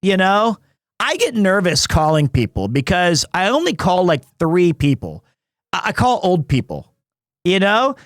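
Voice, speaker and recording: A man's voice: high voice, big pitch swings, a little slow, dry recording, studio quality. A man in his thirties chatting casually on a live stream, rambling, restarting his sentences and chuckling as he jokes. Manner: rambling, self-interrupting, chuckles often; jokey and teasing.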